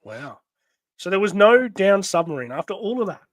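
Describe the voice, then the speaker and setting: A man's voice: sits high, big pitch swings, moderate pace. A man hosting a casual live comic read-along, chatty and full of fillers. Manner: chatty, hesitant with many fillers. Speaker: host.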